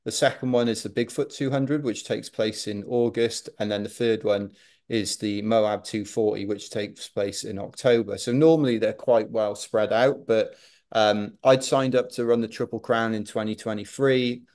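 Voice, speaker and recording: A Welsh man, a podcast guest, telling a story in a chatty, animated way during a casual interview. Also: lowish voice, moderate pace. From Wales.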